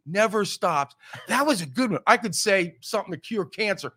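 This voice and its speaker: A middle-aged man telling road stories in casual chat, animated and blunt, swearing and acting out what others said. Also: high voice, moderate pace, slightly rough. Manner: animated, acts out quoted voices, swears.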